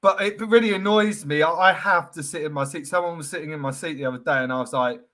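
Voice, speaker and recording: Young man, jokey banter, bright forceful voice, slightly high. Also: quick pace. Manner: jokey, rambling, laughs often. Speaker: co-host. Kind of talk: casual banter chat.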